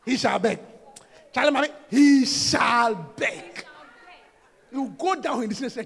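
A man preaching a sermon, shouting and calling out to the congregation in a sing-song way. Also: extremely high pitch, lively intonation, measured pace, creaky, in a large hall, some chatter behind.

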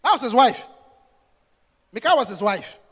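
A man preaching a sermon, animated and acting out scenes in different voices. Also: very high voice, moderate pace, husky, long reverb tail. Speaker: pastor.

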